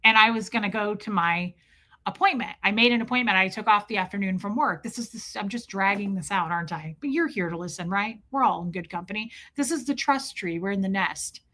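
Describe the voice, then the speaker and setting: A woman tells a personal story to her viewers, chatty and emotional, leaning on "like" constantly. Her voice sits at a middle pitch with a bright, forceful edge. She sounds in her thirties and talks straight to her audience. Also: fairly quick. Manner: chatty, heavy use of "like", emotional. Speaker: vlogger.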